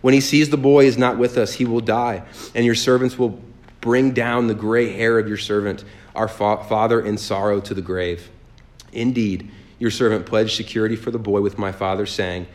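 A man leading a sermon as pastor, reading scripture aloud slowly and then preaching in a lively, joking way. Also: lowish voice.

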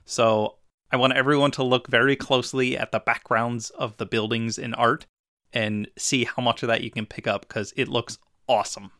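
A man's voice: mid-range voice, fairly even intonation, normal speed, bright, forceful tone, no echo, studio quality. A man co-hosting a podcast, chatting enthusiastically and describing details with some fillers. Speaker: podcast co-host. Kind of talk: casual chat.

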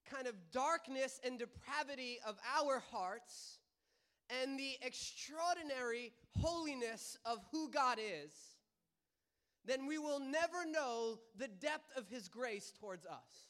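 A young man preaching a sermon in a church service, telling a personal story with animated delivery and laughter. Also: extremely high pitch, clean tone. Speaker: pastor.

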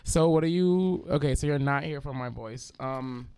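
A young woman hosts a casual radio chat, talking loosely and joking with plenty of swearing. Her voice is smooth and resonant despite slightly stuffy sinuses. The sound is dry and close on a studio mic. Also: very deep voice, moderate pace, mellow, dry recording. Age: 20s. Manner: loose, joking and profane, with bursts of laughter. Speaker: radio show host.

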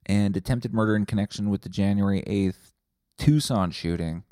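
A man's voice: fairly low pitch, moderate pace, mellow, no room sound, studio quality. A man hosting a comedy podcast, rambling from tangent to tangent with plenty of swearing. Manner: rambling, profane, tangent-hopping. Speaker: podcast host.

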